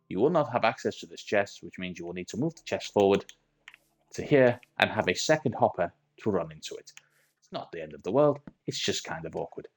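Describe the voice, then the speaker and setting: A man presenting a game tutorial voice-over, explaining the steps one by one in an accent he admits keeps wandering. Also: on the low side. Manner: methodical step-by-step explaining.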